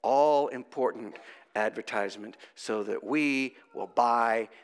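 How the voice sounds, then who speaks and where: A man preaching a conversational sermon, asking the congregation rhetorical questions and talking in an animated way. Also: mid-range voice, takes it slowly. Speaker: priest.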